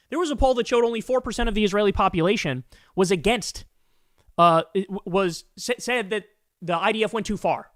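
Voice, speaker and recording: A man's voice: high-pitched, a bit bright, no echo, clean studio sound. A man hosting a political commentary show, ranting angrily and emphatically with lots of profanity.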